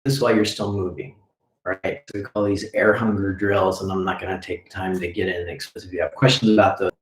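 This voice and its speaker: A man with a somewhat low voice leads a live breathing lesson, explaining drills and demonstrating them as he goes. He keeps checking in with his listeners with a quick "okay?". The sound carries the echo of a bare room. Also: little pitch movement. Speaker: breathing coach. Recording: echoey room.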